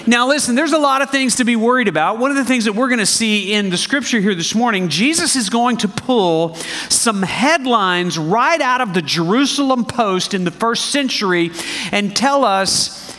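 A man preaching a sermon, animated and conversational, asking the congregation questions as he reads scripture. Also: very high voice, normal speed, in a large hall. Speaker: pastor.

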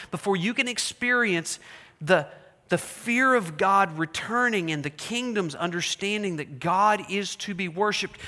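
A pastor from Oklahoma preaching a sermon, telling lively stories that build up and then turn earnest. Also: male voice, sits high. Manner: animated storyteller, builds excitement then drops to earnest. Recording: long hall reverb.

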